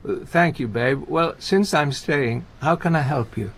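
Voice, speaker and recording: An actor playing a gentle, anxious older comedian in a radio play, talking in halting, stammering restarts. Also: male voice, a little high, very noisy. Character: aging male comedian, gentle, anxious, talkative. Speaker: visiting friend and comedy partner.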